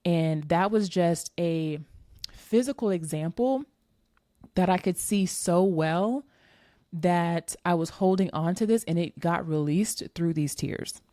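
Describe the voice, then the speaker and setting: A woman's voice: lowish voice, takes it slowly, warm tone, no echo, clean studio sound. A woman in her forties, a fitness coach hosting her own podcast, talking casually and candidly to her listeners as she tells a personal story. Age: 40s. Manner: chatty, candid storyteller addressing listeners directly. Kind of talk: casual solo podcast talk.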